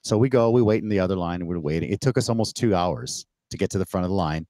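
A man from Canada hosting a casual interview, telling stories with animated energy and acted-out quotes. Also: deep voice, fast, no room sound. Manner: animated storyteller who acts out quotes with laughs. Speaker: podcast host. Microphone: remote call setup.

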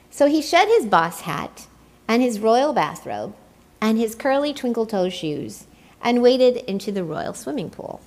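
A woman reading a children's picture book aloud in an expressive, playful way. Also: a little high, measured pace. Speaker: storyteller. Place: church.

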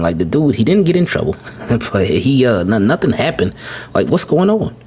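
A man hosting a podcast, telling a family story in a loose, rambling way, repeating words and jumping higher when he quotes his son. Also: very animated, moderate pace, darkish tone, husky. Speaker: podcast host. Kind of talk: casual storytelling.

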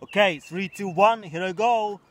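A man hosting a mock tutorial comedy vlog outdoors in a park, with an earnest, deadpan delivery and stammered restarts. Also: sits high, unhurried, slight background noise. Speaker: comedy vlogger.

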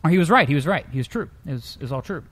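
A man co-hosting a comedic news-story show, telling tales in a lively, animated way. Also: very fast, slightly rough. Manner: lively storyteller, jumps into high pitch for characters. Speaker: co-host.

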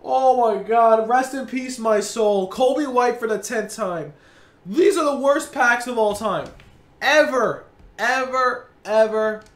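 A man's voice: very high voice, slow pace, fairly bright tone. A man doing video game pack opening commentary, ranting in exasperation with frequent groans and sighs. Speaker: gaming video creator. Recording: roomy echoey recording.

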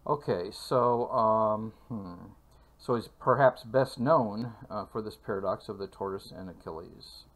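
A man teaching a calculus lecture for video, speaking in a measured way with frequent fillers and pauses. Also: lowish voice. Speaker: math lecturer.

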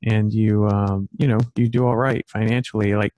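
A man's voice: on the low side, little pitch movement, moderate pace, dark tone, no echo. A man in his thirties hosting a casual podcast chat over a video call, rambling with many fillers and restarts. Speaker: podcast host.

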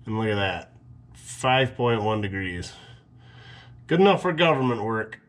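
Laid-back man with a low voice. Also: very animated, a little slow, a little hiss or hum. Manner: laid-back, joking, chatty with viewers. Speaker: mechanic and video host. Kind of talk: casual workshop commentary.

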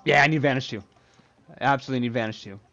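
A man's voice: mid-range voice, very fast, a bit bright, highs cut off, faint music behind. A man streaming a game, rambling to himself in casual commentary and swearing freely.

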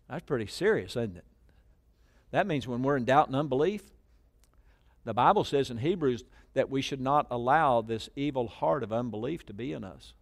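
A middle-aged man, preaching a sermon, jumping between loud shouted lines and quiet asides, and calling on the congregation to repeat phrases. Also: mid-range voice, expressive, normal speed. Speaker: pastor. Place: church.

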